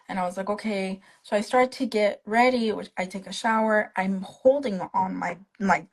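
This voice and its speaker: A woman's voice: mid-range voice, moderate pace, hardly any pauses, low-quality recording. A young woman speaking as a guest on a live stream, casually telling her own story and acting out the lines of the people in it. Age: young adult. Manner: animated retelling that acts out the other people's quoted lines. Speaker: guest, stroke survivor. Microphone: phone on a live video stream.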